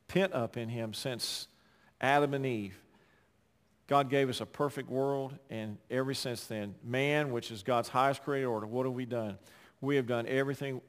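A man pastor preaching a sermon, swinging between loud emphatic passages and quiet, conversational asides. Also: mid-range voice, big-room sound.

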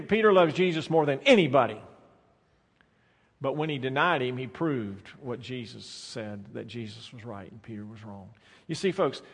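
A man preaching a sermon as pastor, swinging between soft, drawn-out phrases and loud, emphatic bursts. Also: medium pitch. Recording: long reverb of a large hall.

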